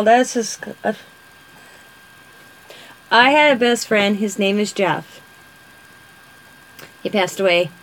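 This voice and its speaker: A woman's voice: mid-range voice, a bit bright, slight background noise, low-quality recording. A woman vlogger chatting casually with viewers, telling rambling stories and answering comments. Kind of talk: casual live-stream chat.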